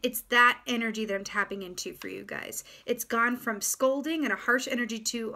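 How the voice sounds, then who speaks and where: A woman giving a casual, gentle tarot reading to her viewers, reflective and full of fillers and restarts. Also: fairly high pitch, normal speed, few pauses. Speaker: tarot reader.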